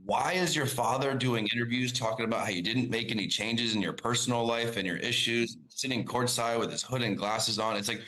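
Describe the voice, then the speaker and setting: A man's voice: medium pitch, fairly quick, hardly any pauses, sharp tone, rough recording. Sports panel guy, fed up, lecturing, mid voice. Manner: exasperated, lecturing. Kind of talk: sports talk show discussion.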